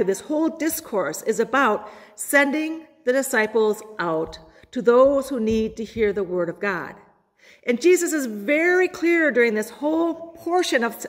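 A woman pastor delivers a sermon in a church sanctuary, slowing down and pausing to quote scripture. Her voice sits a little higher than most, and it rings out with a long reverb in the hall. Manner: preaching, quotes scripture with dramatic pauses.

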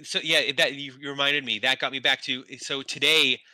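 A man shares a painful personal story, his voice bright and tense. He stops and restarts as emotion catches him, close to tears. The sound is dry and close. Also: mid-range voice, steady tone, no room sound, poor audio. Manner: halting, restarts when moved, near tears. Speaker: guest.

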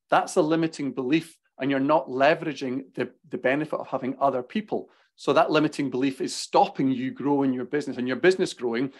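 A man with a Glaswegian Scottish accent giving a business talk with slides, speaking quickly and passionately. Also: a little high. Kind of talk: presentation with slides.

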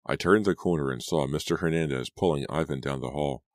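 A male audiobook narrator with a very deep voice, telling a story in first person with a measured delivery. The reading sounds close and dry, with no room echo.

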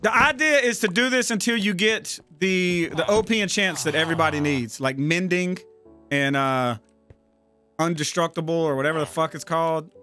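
A man's voice: on the high side, moderate pace, sharp tone, soft background music. A man giving casual, profane, exasperated commentary while playing a game and talking to himself. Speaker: gaming channel host.

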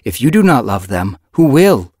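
A man voicing a gentle, wise female spirit cat in an audiobook, speaking softly and gravely with sympathy. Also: mid-range voice, big pitch swings, normal speed, dry recording, studio quality, voice pushed up. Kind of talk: audiobook character voice.

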